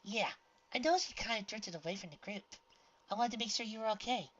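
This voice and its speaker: A woman's voice: mid-range voice, fast, dull audio, pitched above the performer's own voice, close to an everyday voice. A woman voicing a kindly, plain-spoken earth pony friend. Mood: caring.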